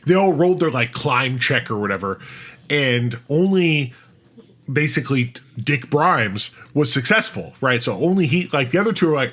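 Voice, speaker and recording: A man co-hosting a podcast, retelling a tabletop game session in a rambling, animated way, full of restarts and fillers. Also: mid-range voice, moderate pace. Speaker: podcast co-host. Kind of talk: casual storytelling chat.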